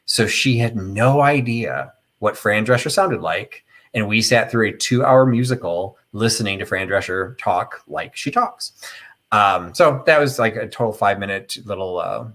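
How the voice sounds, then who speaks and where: A man's voice: fairly low pitch, animated, normal speed, a bit bright. A middle-aged man hosting a casual live chat, telling a rambling, opinionated story full of fillers and tangents. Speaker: host of a live chat stream.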